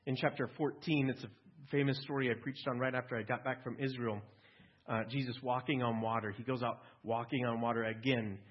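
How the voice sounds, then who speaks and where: A male pastor preaching a sermon in a husky, mid-pitched voice. He talks conversationally and keeps asking the congregation questions. The sound is dull and lo-fi. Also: level tone, a little fast. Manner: conversational, asks listeners questions, small restarts. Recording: dull lo-fi recording.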